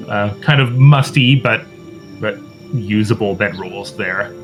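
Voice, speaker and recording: A man running an online tabletop game as game master, describing scenes calmly with frequent fillers. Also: on the low side, slow, music in the background, poor audio. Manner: hesitant, many fillers, calm descriptive pacing. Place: home, online voice chat.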